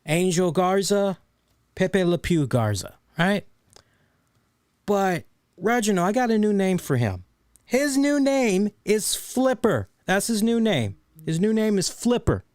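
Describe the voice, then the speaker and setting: A man whose voice sits high and unhurried hosts a wrestling review show, ranting casually with animated sarcasm. He swears a lot and repeats phrases for emphasis, and the studio recording is clean with no room sound.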